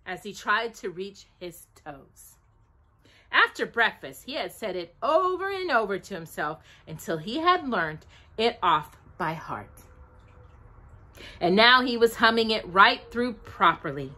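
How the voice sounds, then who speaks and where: A woman reading a children's storybook aloud in a slow, expressive manner. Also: mid-range voice.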